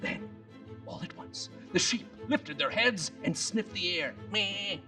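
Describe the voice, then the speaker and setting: A woman telling a bedtime story slowly and expressively. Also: fairly low pitch. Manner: slow, very expressive, hushed at times. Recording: distant mic, soft music behind.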